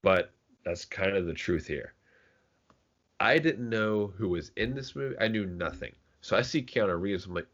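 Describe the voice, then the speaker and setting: A podcast co-host with a lowish, expressive voice chats casually about movies at a moderate pace. He rambles, restarts often, and swears casually, all captured in dull lo-fi podcast audio.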